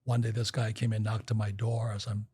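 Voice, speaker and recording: A man's voice: on the low side, level tone, a little fast, mellow, breathy edge, no room sound. An older man telling rambling stories in a casual interview, acting out quotes with frequent restarts. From Hawaii. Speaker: guest.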